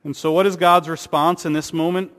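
A man's voice: fairly high pitch, steady tone, fairly quick, fairly bright tone. A man preaching a sermon, earnest, with rhetorical questions and sarcastic asides. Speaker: pastor. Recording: long hall reverb.

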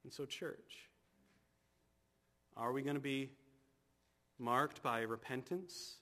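A male pastor with a mid-range voice preaches a sermon in a church. He moves from hushed, slow passages to loud, fervent calls.

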